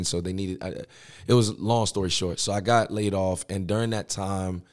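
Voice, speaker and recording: Young male pastor guest, very low voice, casual slangy storyteller. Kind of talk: storytelling interview.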